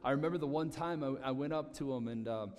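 Conversational preacher in a reverberant hall. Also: male voice, medium pitch, fast talker. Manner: conversational, animated preaching with repetitions. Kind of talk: sermon.

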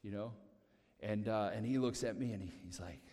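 Conversational preacher in a reverberant hall. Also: male voice, on the low side, fairly quick. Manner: conversational, animated preaching with repetitions. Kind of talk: sermon.

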